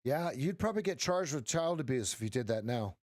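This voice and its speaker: A man's voice: medium pitch, expressive, brisk, darkish tone, dry recording, clean studio sound. A middle-aged man hosting a casual live trading stream as a coach, rambling and joking with frequent restarts and "right?" tags.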